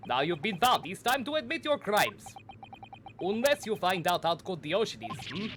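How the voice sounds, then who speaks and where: A man voicing a gruff male sailor with a put-on Russian accent, blunt, menacing and in broken phrasing. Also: sits high, big pitch swings, normal speed, fairly bright tone, soft background music. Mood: accusing.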